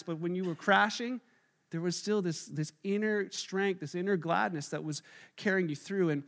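A pastor giving a conversational, animated sermon, often acting out the people in his stories. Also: sits high.

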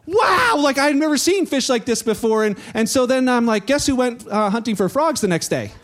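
Male pastor with a high voice, preaching through anecdotes and playing every quoted voice himself. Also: expressive, a little fast. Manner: storytelling, acts out quoted voices. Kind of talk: sermon.

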